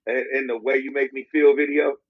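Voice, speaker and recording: A man's voice: medium pitch, little pitch movement, a little fast, breathy edge. A man co-hosting a podcast, telling loose, profane stories in casual chat. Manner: loose, profane storytelling with put-on impressions. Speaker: podcast co-host. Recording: dull lo-fi podcast audio.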